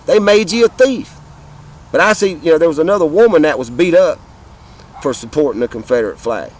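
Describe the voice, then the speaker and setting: A Southern man with a noticeably high-pitched voice and an American South accent fires off an expressive, brisk political rant to camera, full of profanity. He addresses his viewers directly and hammers his points through repetition, all on a low-quality recording.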